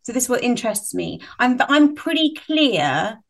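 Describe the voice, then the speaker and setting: A woman's voice: fairly high pitch, sing-song, moderate pace, vocal fry. A woman co-hosting a podcast who speaks thoughtfully and hesitantly, restarting her sentences as she thinks. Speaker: podcast co-host. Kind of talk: conversational podcast chat.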